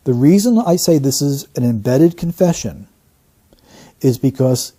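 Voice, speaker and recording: A man working as a statement analyst, giving deliberate, teacherly commentary. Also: medium pitch, animated, warm tone, slightly rough. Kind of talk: explanatory commentary.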